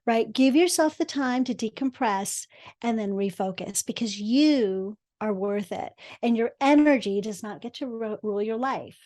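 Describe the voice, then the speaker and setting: A middle-aged woman speaking as an interview guest, talking emphatically with lively jumps in pitch and loudness. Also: normal speed. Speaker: guest, real estate investor and podcast host. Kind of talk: casual interview chat.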